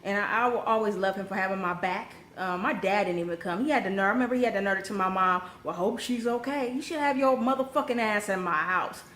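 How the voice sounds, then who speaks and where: A young adult woman telling a personal story in a casual vlog, blunt and profane, with sudden animated rises when she gets heated. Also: medium pitch, quick pace, hardly any pauses. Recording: echoey room with faint background noise.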